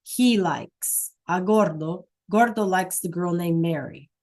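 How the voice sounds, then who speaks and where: A woman's voice: lowish voice, slow, a little mellow. A woman teaching a Spanish class online over a computer mic, patient, checking in often with "okay?" and "right?".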